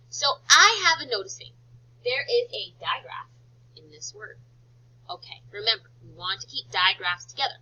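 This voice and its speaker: Woman teacher, phonics lesson for little kids; lively, sing-song delivery, high pitch. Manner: slow, sing-song, exaggerated teacher talk. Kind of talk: phonics lesson for young children. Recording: dull lo-fi recording.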